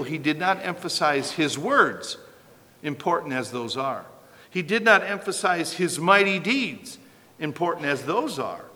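A pastor delivers a sermon, hammering points home through repetition and questions to the congregation. His voice sits a little high and rings bright and forceful. A long reverb from the church hall trails every phrase.

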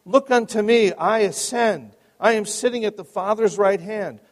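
Man playing a humble Essex lay preacher, high and fervent, pleading loudly, reverb-heavy hall. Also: moderate pace, lightly acted. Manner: fervent, repetitive exhortation, rising to shouts. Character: uneducated working-class male lay preacher, pleading.

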